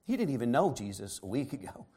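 A man preaching a sermon who reads scripture aloud and then retells it in casual modern words, swinging between soft asides and loud emphatic stretches. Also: mid-range voice, big pitch swings, quick pace, husky.

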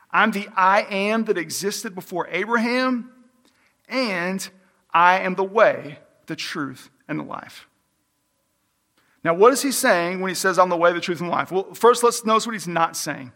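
A man with a high voice preaching a sermon, pressing hard on repeated phrases. His words ring out with the long reverb of a large hall. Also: lively intonation, a little slow, bright, forceful tone. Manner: emphatic, repeats phrases for stress. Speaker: pastor.

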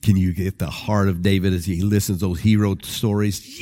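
A man's voice: low-pitched, fairly quick, hardly any pauses. A man preaching a storytelling sermon, talking straight to his listeners in a conversational way. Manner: animated, conversational, addresses listeners directly.

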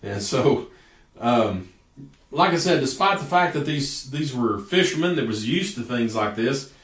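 A man's voice: medium pitch, expressive, a little slow. A man preaching a sermon in a folksy storytelling way, stretching out words for emphasis. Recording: echoey room from a distance.

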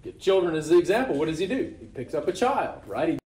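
A man's voice: on the high side, big pitch swings, fast talker, darkish tone. Conversational male preacher in echoey church. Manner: conversational, asks rhetorical questions. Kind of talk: sermon. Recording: echoey room.

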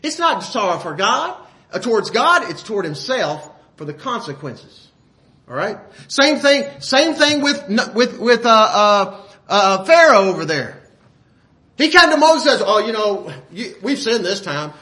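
A male preacher delivers a sermon in a high voice with a bright, forceful edge. His talk is folksy and full of rhetorical questions to the listeners. He stops often to clear his throat. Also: big pitch swings, unhurried.

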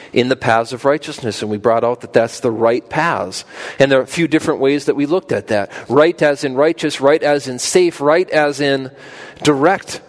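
A man preaching a sermon in an earnest way, climbing to emphatic peaks and then dropping soft and low. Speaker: pastor.

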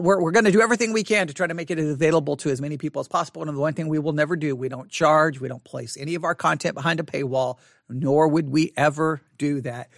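Male Bible teacher, high voice, dry close sound, earnest and repetitive, online lesson. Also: vocal fry, no room sound. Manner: repetitive, earnest, restarts and emphatic slow repeats.

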